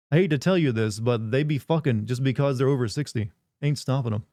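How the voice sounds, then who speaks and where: A man's voice: medium pitch, a little fast, mellow, dry recording. A man hosting a live stream, joking and rambling in casual banter with his chat on a close desk mic. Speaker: livestream host.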